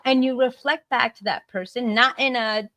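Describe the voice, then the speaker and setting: Brief: American woman guest speaker, animated, higher voice, dry video-call sound. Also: normal speed, no echo. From United States. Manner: animated, acts out example remarks in varied tones. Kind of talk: motivational talk on a live stream.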